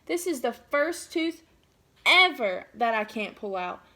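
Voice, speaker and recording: A woman's voice: a little high, sing-song, takes it slowly, bright, forceful tone, full character voice. A woman voicing a tough, brassy tooth fairy who rides a motorcycle, in a children's storybook read-aloud. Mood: brash.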